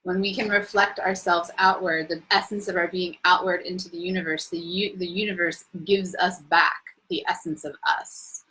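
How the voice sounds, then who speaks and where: Young woman coach chatting on a livestream, bright tense voice, effusive and spiritual. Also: fairly low pitch, fairly even intonation, moderate pace, few pauses, breathy edge, low-quality recording. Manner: effusive and spiritual, laughs easily. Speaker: coach hosting a live Q&A. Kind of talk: casual live-stream talk.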